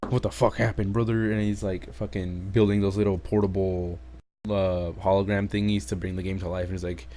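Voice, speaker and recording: A man's voice: low-pitched, flat delivery, a little fast, dark tone, a little hiss or hum. A man recapping anime episodes in a casual, rambling way, swearing often and trailing into asides. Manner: rambling, profane, full of fillers and asides. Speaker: anime reviewer.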